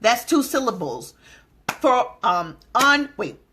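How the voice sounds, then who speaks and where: A woman's voice: very animated, slow, bright, forceful tone, a little hiss or hum. A middle-aged woman giving an emphatic motivational talk, drawing out key words and jumping into quoted voices. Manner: acts out quoted voices with sudden pitch jumps. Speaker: motivational speaker.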